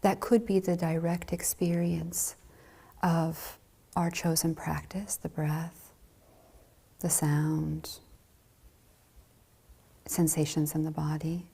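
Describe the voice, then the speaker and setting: A woman giving a dharma talk as a Zen teacher, speaking softly and gently with light laughs. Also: deep voice, level tone, slow pace, creaky, pauses often, slightly rough.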